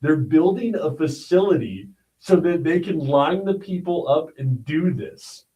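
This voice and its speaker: A man's voice: fairly high pitch, expressive, a little slow, dark tone, poor audio. Blunt, emphatic male news commentator. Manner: blunt and emphatic, with repeated "all right?" asides. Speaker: livestream host.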